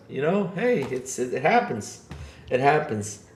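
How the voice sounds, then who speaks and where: A man hosting a podcast chats casually and jokes a lot, repeating himself and filling gaps. His pitch swings lively up and down. The room adds a roomy echo, and his voice sits in a middle range. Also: brisk. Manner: animated, joking, lots of fillers and repeats. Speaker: podcast host. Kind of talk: casual chat.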